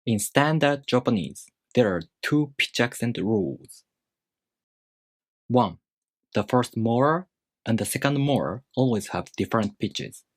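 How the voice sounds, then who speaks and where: A man teaching a language lesson, explaining rules step by step in a measured, scripted way. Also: medium pitch, lively intonation, dry recording, clean studio sound.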